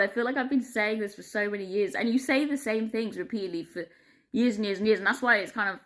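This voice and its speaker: A woman's voice: medium pitch, fast talker. Brief: woman vlogger, casual rant, constant fillers, heavy swearing, frustrated laughs. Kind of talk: casual ranting monologue.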